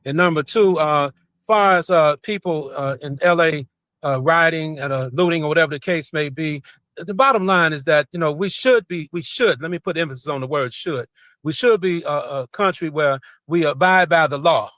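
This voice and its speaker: A man's voice: fairly high pitch, moderate pace, bright, forceful tone, no room sound. A man speaking as a talk show guest, making his point with many "uh" fillers and emphatic repeats. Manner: frequent "uh" fillers, emphatic repetition. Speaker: guest commentator. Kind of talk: remote talk show discussion.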